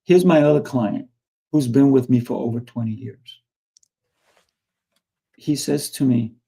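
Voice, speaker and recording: A man's voice: medium pitch, unhurried, vocal fry, long pauses, mellow, husky. A man hosting an interview show, telling anecdotes and acting out both sides of the conversations. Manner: tells anecdotes, acts out both sides of dialogues. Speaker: podcast host. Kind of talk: conversational storytelling.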